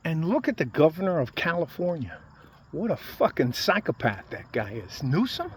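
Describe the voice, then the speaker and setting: A man's voice: a little high, huge pitch swings, moderate pace, slight background noise. A man from the United States delivering a profane, heated political rant straight to his viewers. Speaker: video blogger. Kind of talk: angry political rant to camera.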